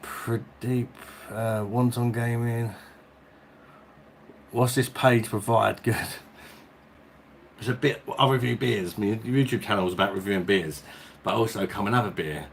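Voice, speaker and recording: A man's voice: lowish voice, fairly even intonation, unhurried, gravelly, long pauses, slight background noise. Blokey man hosting a live stream. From England. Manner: chatty, reads out viewer names and greets them; blokey slang, calls everyone mate. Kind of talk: casual live-stream chat. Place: at home, indoors.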